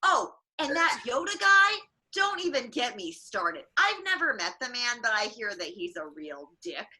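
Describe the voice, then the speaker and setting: A woman's voice: fairly high pitch, sing-song, moderate pace, sharp tone, slight background noise, heavily acted. A woman comedian playing a jaded middle-aged space princess and mother, griping in a sardonic stand-up set. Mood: weary griping. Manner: sardonic, griping, mock-weary asides. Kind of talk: in-character stand-up. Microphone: livestream mic.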